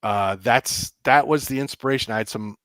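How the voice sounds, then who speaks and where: A man, a game developer, telling animated stories as a guest and acting out people's reactions with frequent laughs. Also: medium pitch, normal speed, no echo. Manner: excitable, acts out reactions, laughs often. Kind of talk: animated storytelling.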